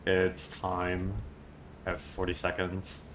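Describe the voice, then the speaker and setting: A man's voice: low voice, monotone, slow pace, a bit bright, a little hiss or hum. A man streaming live with a groggy morning voice, flustered and self-mocking as he reads aloud to chat.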